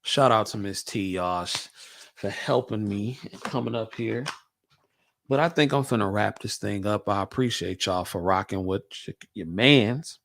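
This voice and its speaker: A man's voice: lowish voice, gravelly. A man hosting a podcast, chatting casually in a joking, slangy, laid-back way. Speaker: podcast host. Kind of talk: casual chat.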